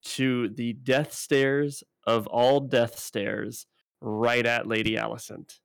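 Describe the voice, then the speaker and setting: A man's voice: mid-range voice, little pitch movement, takes it slowly, creaky, smooth, dry recording, studio quality. A man co-hosting a casual podcast, walking through a TV episode scene by scene. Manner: narrates scenes step by step. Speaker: podcast co-host. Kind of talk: casual recap chat.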